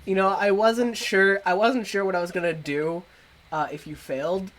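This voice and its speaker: A man's voice: high voice, steady tone, moderate pace, fairly bright tone. A man running a tabletop game as game master, narrating with frequent laughs and hesitant fillers.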